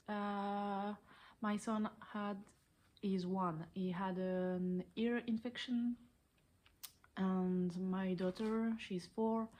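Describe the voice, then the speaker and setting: French woman, 30s, French accent, slow and unhurried, shy, casual home-filmed knitting vlog host. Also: mid-range voice. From France. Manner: hesitant, many ums, a little shy on camera. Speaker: knitting podcaster. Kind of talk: casual video podcast chat. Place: her living room at home.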